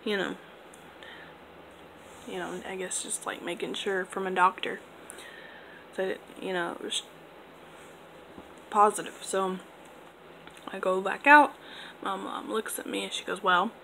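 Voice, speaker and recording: A woman's voice: medium pitch, fairly even intonation, a little slow, gravelly, pauses often, a bit bright, slight background noise, rough recording. A young woman in her twenties casually telling a personal story to camera, rambling with lots of fillers. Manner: rambling, filler-heavy, laid-back. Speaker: vlogger.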